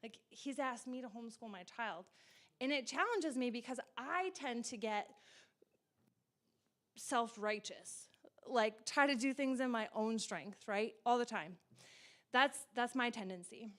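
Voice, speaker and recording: A woman in her thirties telling a personal faith story in casual talk, laughing often and acting out quoted lines in excited bursts. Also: fairly high pitch, measured pace. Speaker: guest sharing her testimony.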